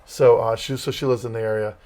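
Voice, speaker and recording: A man from Massachusetts with a light local accent guests on an interview as a campus ministry leader, telling rambling, anecdotal stories in a casual way. His mid-range voice is a little mellow and steady, and he talks at a quick pace.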